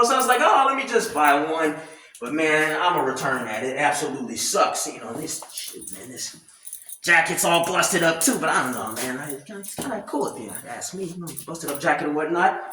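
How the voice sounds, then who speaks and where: Loud ranting man in echoey room. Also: fairly high pitch, fairly quick, slight background noise. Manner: loud, animated, profane ranting. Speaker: commentary vlogger. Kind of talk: ranting commentary. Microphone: camera mic at a distance, no clip-on mic. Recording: very echoey room, voice far from mic.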